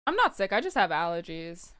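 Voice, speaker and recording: A young woman streaming a game, chatting casually and excitably with her chat and swearing freely. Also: on the low side, brisk, clear, resonant tone. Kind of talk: casual live-stream chat while gaming.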